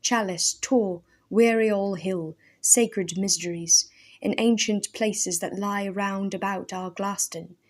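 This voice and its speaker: A woman voicing a mad old male hermit who speaks in archaic, fervent bursts, from raging shouts to hushed awe. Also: medium pitch, steady tone, slow. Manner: intense, archaic speech, shouting then hushed.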